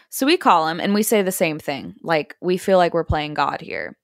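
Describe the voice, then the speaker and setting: A woman hosting a podcast, telling a story casually and acting out the quotes in hushed or high voices. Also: animated, moderate pace, hardly any pauses, dry recording, studio quality. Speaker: podcast host.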